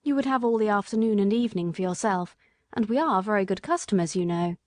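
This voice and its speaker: A woman reading an audiobook, voicing a polite, slightly stiff well-off gentleman with a courteous, curt manner. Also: medium pitch, expressive, fast talker, no room sound, studio quality, lightly acted. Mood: persuasive.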